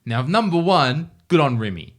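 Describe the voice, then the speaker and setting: A man's voice: a little high, sing-song, moderate pace. A man co-hosting a casual podcast chat over beers, ranting emphatically and swearing freely. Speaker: podcast co-host.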